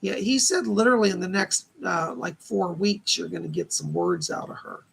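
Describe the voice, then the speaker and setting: Male psychic host, very gravelly and husky, chatty, reads viewer questions and relays spirit messages. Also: high-pitched, normal speed, fairly bright tone. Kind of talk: live-stream psychic readings.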